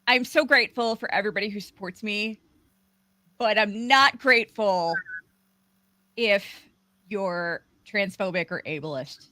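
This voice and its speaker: Host: woman, bright, lively voice, dry sound, rambling casual chat. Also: medium pitch, no room sound. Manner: chatty, rambling, with many fillers. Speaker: livestream host. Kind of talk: casual live aftershow chat.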